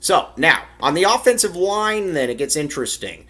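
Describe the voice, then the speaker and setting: A man's voice: a little high, big pitch swings, normal speed, pushed and bright, no room sound. A man hosting a live sports talk show, chatty and self-deprecating.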